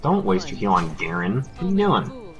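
A young man playing a game with friends, reacting with quick, excitable exclamations. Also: lowish voice, dull audio. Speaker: gamer co-host. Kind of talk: casual gaming commentary. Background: game music.

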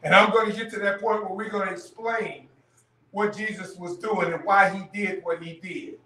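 A man leads a church Bible study in a loose, conversational way, stopping often to ask "okay?" His voice sits high. He is heard from a distance, and the room echoes around him. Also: steady tone, normal speed, bright, forceful tone. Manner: conversational teaching, frequent "okay?" checks. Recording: echoey room, mic far off.

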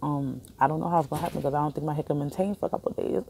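A woman's voice: deep voice, steady tone, racing, vocal fry, warm tone, slight background noise. A young woman chatting casually on a phone vlog in a hospital waiting area, rambling and laughing often. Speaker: vlogger. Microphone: phone camera held in hand.

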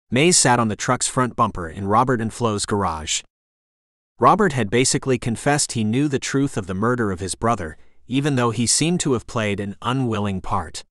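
A man's voice: on the low side, fairly bright tone, no echo. A man narrating a crime audiobook in a tense, dramatic storytelling manner on a close studio mic. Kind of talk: scripted narration.

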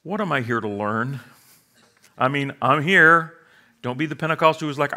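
A man's voice: fairly high pitch, lively intonation, moderate pace, pushed and bright. A middle-aged male pastor preaching a sermon with humor, sarcastic asides and acted-out quoted voices.

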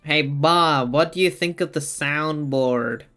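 A man's voice: fairly high pitch, slow, bright, forceful tone, faint music behind. A man streaming a video game, rambling, giggling and chatting to his viewers. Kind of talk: casual live-stream chat while playing.

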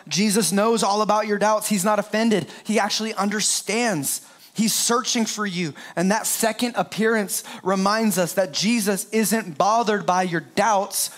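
Man, middle-aged pastor, high voice, playful, joking asides, Easter sermon. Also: normal speed, fairly bright tone. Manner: playful, joking asides, talks straight to the congregation.

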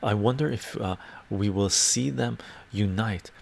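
A man in his fifties giving a soft-spoken ASMR talk as a streamer, musing aloud and reading chat messages in a slow, whispery way. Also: fairly low pitch. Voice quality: gravelly and husky.

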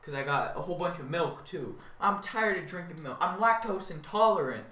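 A man's voice: a little high, animated, fairly quick, bright, forceful tone. A young man rambling in a whiny, self-mocking rant, repeating himself as he complains. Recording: echoey room, far from mic.

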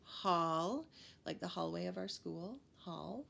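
A woman preschool teacher giving a phonics lesson to young children, sounding out letters slowly and praising them warmly. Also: lowish voice, animated, gravelly. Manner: slow, encouraging, sounding out letters for small kids.

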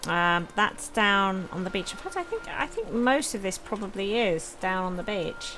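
A woman's voice: mid-range voice, lively intonation, moderate pace, noisy background. A woman hosting a let's play, chatting casually and thinking aloud as she plays, with frequent exclamations. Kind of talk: casual game commentary.

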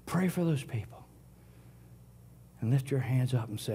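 A middle-aged man preaching a sermon, swinging from loud declarations to hushed whispers. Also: medium pitch, normal speed, slightly rough. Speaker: pastor.

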